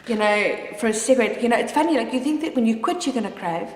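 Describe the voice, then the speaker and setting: Brief: candid mom vlogger, rambling and open, in a roomy space with a long reverb tail. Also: female voice, fairly high pitch, lively intonation, quick pace, darkish tone. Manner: candid, rambling, with frequent restarts. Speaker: mother sharing her story. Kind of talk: personal confessional vlog.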